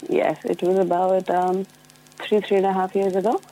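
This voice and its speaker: A woman calling into a radio show just after waking up, speaking in a drowsy, halting, soft way. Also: mid-range voice, little pitch movement, rough recording. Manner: drowsy, halting and soft-spoken, laughing shyly. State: just woken up. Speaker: caller.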